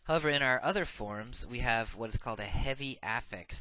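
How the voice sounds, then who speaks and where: A man teaching a recorded grammar lesson, reciting verb paradigms slowly and methodically with frequent filler sounds. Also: medium pitch, pushed and bright, no room sound, low-quality recording. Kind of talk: recorded lecture.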